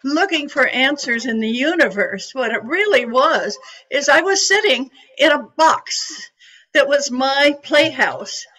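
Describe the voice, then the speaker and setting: Older woman, high voice, bright and forceful tone, chatty storyteller, psychic medium addressing an audience. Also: animated, a little slow, poor audio. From California, USA. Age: 80s.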